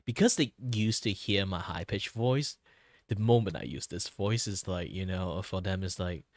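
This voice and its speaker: A young man whose first language is Cantonese, chatting casually while drawing, rambling with many fillers and restarts, his low voice tired from talking a lot. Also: moderate pace, dry recording, studio quality. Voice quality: low, relaxed tone. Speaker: streamer.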